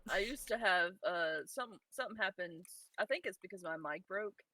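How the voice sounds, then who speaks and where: A woman's voice: lowish voice, moderate pace. A young adult woman in a casual gaming chat, playful and joking.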